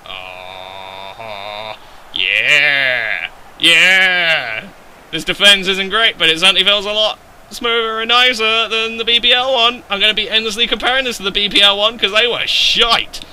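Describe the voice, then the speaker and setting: A young man giving sweary, excitable commentary over a football video game, breaking into loud outbursts and then dropping to low mutters. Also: slight background noise, low-quality recording. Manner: excitable and sweary, yelling at his players. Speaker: gaming YouTuber. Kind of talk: live gameplay commentary.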